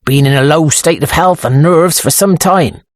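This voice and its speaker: A woman reading an audiobook, voicing a stolid middle-aged male police sergeant who speaks slowly and deferentially. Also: deep voice, dry recording, studio quality, close to an everyday voice. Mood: steady.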